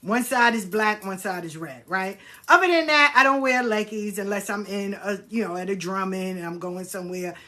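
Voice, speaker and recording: A middle-aged woman tells stories in a casual, blunt way, with plenty of swearing. Her voice is bright and forceful. She sits at a medium pitch and acts out the other voices as she goes. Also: moderate pace, few pauses. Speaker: spiritual practitioner sharing stories. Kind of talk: casual storytelling chat.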